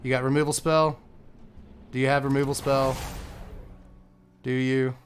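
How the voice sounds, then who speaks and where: A young man giving live commentary on his own card game, excitable and muttering, groaning at bad draws. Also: medium pitch, measured pace, soft background music. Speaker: gaming content creator.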